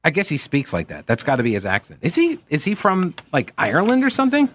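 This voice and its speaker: A man's voice: a little high, wildly swooping pitch, fast, a bit bright, a little hiss or hum. An American man hosting a talk radio show, rambling and joking in a casual way. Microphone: studio microphone.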